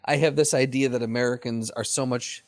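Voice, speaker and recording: A man's voice: medium pitch, fairly even intonation, a little fast, no room sound. A man co-hosting a casual podcast, talking expressively, laughing into his sentences and restarting them. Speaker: podcast co-host.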